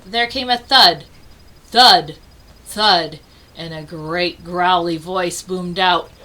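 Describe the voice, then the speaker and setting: A woman reading a children's storybook aloud with expressive delivery and dramatic pauses. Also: on the high side, low-quality recording. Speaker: storybook reader.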